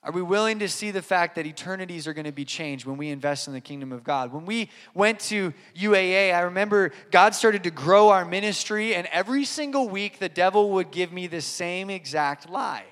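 High-pitched male preacher, earnest, repeats stuff for emphasis, long echo. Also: brisk, hardly any pauses, fairly bright tone. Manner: earnest, emphatic repetition, storytelling. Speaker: pastor. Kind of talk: sermon.

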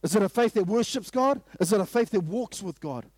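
Speaking quickly, if only slightly so, a man with a New Zealand accent gives a sermon to a morning prayer meeting in a husky, high-pitched voice with lively intonation. He stresses his points, repeats rhetorical questions, and sometimes rises to a loud outburst, with no room sound audible.

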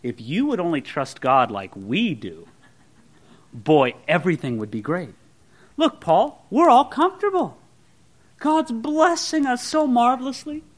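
A preacher voicing smug, self-satisfied church members who gloat about their blessings in a mocking, sing-song way. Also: male voice, sits high, lively intonation, unhurried.

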